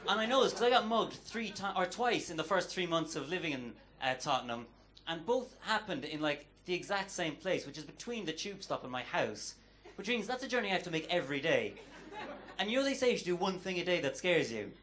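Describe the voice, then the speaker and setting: Irish male comic, a touch high-voiced, chatty and hesitant, stage mic in a noisy club. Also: big pitch swings, fairly quick. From Ireland. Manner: self-deprecating, chatty, with hesitant restarts. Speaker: stand-up comedian. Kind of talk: stand-up set. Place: comedy club stage before a live audience.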